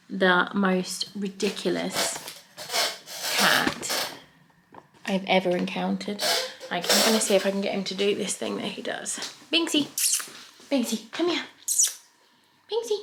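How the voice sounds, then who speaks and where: A woman in her thirties with a British accent, vlogging at home in a soft, emotional way and coaxing her cats. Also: mid-range voice, level tone, unhurried, creaky, heavy background noise. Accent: British English. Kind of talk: casual chat to camera.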